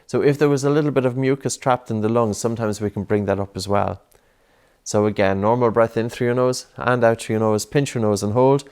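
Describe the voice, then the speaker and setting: A man coaching a child through breathing exercises, patient and encouraging, with many gentle repeated prompts. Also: medium pitch, steady tone, a little fast, smooth.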